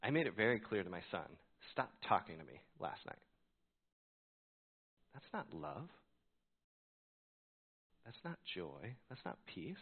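A pastor with a medium-pitched, creaky voice and a breathy edge preaches a sermon, telling a story and acting out his own reactions. The sound is tinny, like a phone.

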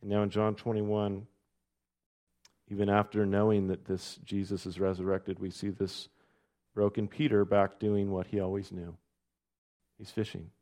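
A man preaching a sermon, reading scripture aloud with rising emphasis and then dropping soft and low. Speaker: pastor.

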